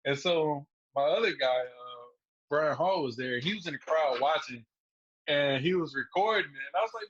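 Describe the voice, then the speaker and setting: A man's voice: fairly high pitch, lively intonation, normal speed, a bit bright, slightly rough, dull audio. A man guest on a podcast, telling stories casually and laughing through them. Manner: laid-back, laughs through his stories. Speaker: guest fighter. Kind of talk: casual storytelling interview.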